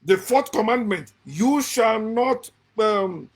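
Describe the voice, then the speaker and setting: High-voiced preachy man. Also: expressive, moderate pace. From Nigeria. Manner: blunt, preachy, repeats phrases for emphasis. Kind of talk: impassioned monologue.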